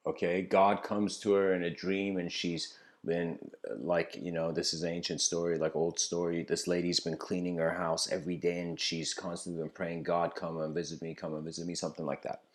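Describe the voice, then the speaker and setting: A man's voice: sits low, steady tone, moderate pace, a little mellow. A man giving an improvised lecture that mixes a story with reflection, talking loosely with lots of fillers. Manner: loose, filler-heavy, with frequent "you know".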